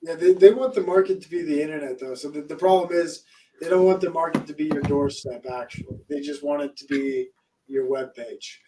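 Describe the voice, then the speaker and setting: A man's voice: a little high, steady tone, fairly quick, distant mic, background noise. A man in a casual podcast chat who talks in a rambling, hesitant way. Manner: rambling, hesitant, fillers and restarts. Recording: voice off-mic.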